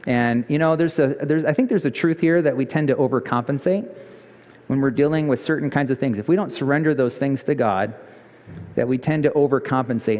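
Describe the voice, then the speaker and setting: A male pastor preaching a sermon, telling a story with lively emphasis and pitch jumps. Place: church sanctuary. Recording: church hall reverb.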